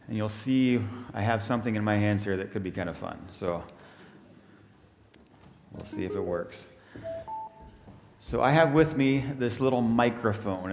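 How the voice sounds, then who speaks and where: A minister with a lowish voice speaks in a friendly, explaining way to the children. The sound carries a long reverb through a large church hall. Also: male voice, a little hiss or hum. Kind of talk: children's talk in a church service.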